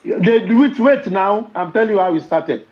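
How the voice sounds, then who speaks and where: A man's voice: sits high, lively intonation, normal speed, lo-fi sound, crowd noise. A man with a Nigerian accent in casual podcast talk, preaching and telling stories with rhetorical questions.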